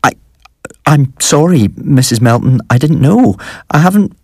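A man's voice: on the high side, sing-song, slow, dark tone, no echo, clean studio sound, voice pushed up, exaggerated voice. A man voicing a frightened teenage boy in a spoken horror story, who talks in a shaky, stammering way. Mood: nervous.

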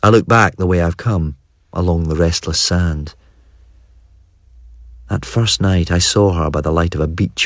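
Audiobook reader, man, very deep voice, dry close sound, wry and measured. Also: no room sound. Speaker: audiobook narrator. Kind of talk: first-person audiobook narration.

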